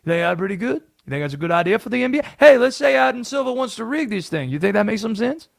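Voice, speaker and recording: A radio host putting on an excitable male conspiracy theorist with a showy put-on Southern US accent. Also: high-pitched, fast, vocal fry, no echo, studio quality, full character voice. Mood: scheming. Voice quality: drawling, showy, rising and falling wildly. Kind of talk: comic put-on voice on sports talk radio.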